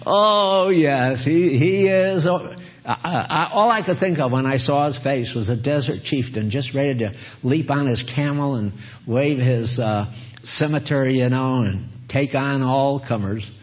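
A man's voice: mid-range voice, moderate pace. A man preaching a sermon in an earnest, exhorting way, chuckling often as he talks. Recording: dull lo-fi recording.

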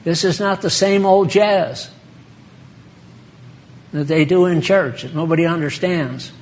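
Slow, high-voiced folksy preacher man. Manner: folksy, chatty, addresses listeners by name, laughs often. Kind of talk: informal sermon.

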